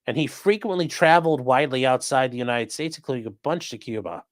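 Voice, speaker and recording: A man's voice: medium pitch, lively intonation, fast talker, dry recording, clean studio sound. A man hosting a casual commentary show who swears freely and acts out the quoted lines in changing voices. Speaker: host.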